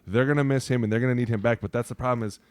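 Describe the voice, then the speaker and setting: A man's voice: medium pitch, racing, smooth, no echo. A middle-aged man, a former football lineman, chatting casually and acting out quotes in his stories. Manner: animated storyteller, acts out quotes, says "right?" a lot. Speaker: podcast guest, former NFL offensive lineman. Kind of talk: casual sports chat.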